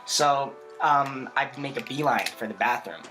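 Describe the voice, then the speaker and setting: A young man telling a story as a podcast co-host, animated, laughing often and full of fillers. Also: medium pitch, unhurried, over music. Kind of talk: casual storytelling chat.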